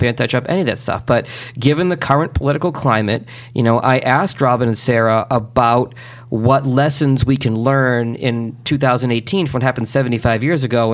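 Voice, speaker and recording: A man hosting a talk show, chatting casually with frequent halting restarts. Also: medium pitch. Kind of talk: casual studio chat.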